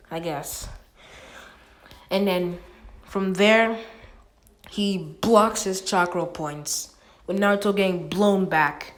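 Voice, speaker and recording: A woman's voice: mid-range voice, takes it slowly, pauses often. A woman casually retelling a fan-made story, rambling with many restarts.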